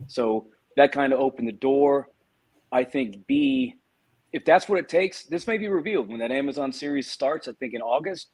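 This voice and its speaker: A man's voice: mid-range voice, expressive, moderate pace, darkish tone, breathy edge. A man co-hosting a podcast in a casual live-stream chat, with dry, wry humor. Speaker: podcast co-host.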